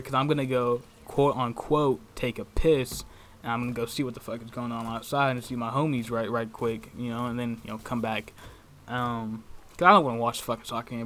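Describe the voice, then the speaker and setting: A man's voice: mid-range voice, fairly bright tone. Profane, slangy storytelling young man. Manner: profane, slangy, constant "right?" and "bro". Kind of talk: casual storytime vlog.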